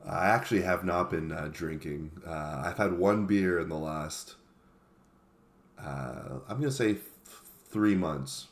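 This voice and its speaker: A man co-hosting a casual chat, easygoing and quick to laugh. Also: low-pitched. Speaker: co-host.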